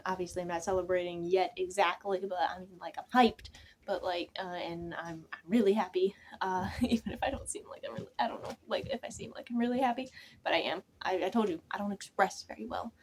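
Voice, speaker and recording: A woman's voice: on the low side, a little mellow, slightly rough. A young woman chatting casually to her viewers, rambling, trailing off and restarting, often sinking to a near whisper. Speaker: channel creator. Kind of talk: casual chat to camera.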